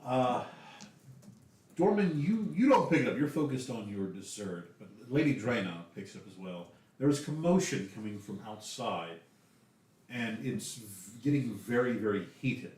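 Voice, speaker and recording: A man's voice: lowish voice, normal speed. A man with a Southern US accent narrating a tabletop game as game master, full of fillers and restarts. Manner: lively, many fillers. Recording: echoey room, distant mic.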